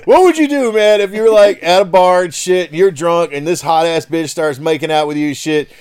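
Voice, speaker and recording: Man, slightly high voice, blunt crude banter, casual podcast chat. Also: a little fast, darkish tone, smooth.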